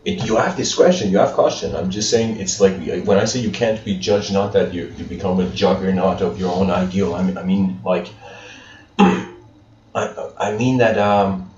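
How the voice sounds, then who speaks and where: A man's voice: sits low, fairly even intonation, moderate pace, a little mellow, slight background noise. A man giving a casual spiritual lecture, rambling with many fillers and frequent laughs. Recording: echoey room, far mic, dull sound, faint music.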